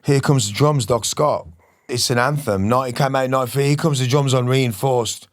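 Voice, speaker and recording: A middle-aged man talks in a loose, rambling, passionate way, swearing freely. His voice sits at an ordinary male pitch. The sound is dry and close, with no room around it. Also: fairly even intonation, fairly quick, no echo. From West Midlands, England. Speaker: musician guest. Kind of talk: casual interview chat.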